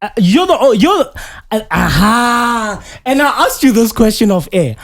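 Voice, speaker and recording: A man's voice: very high voice, very animated, a little fast, no echo, clean studio sound. A man co-hosting a casual wrestling podcast, arguing in a combative, mock-angry way and laughing. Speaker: podcast co-host.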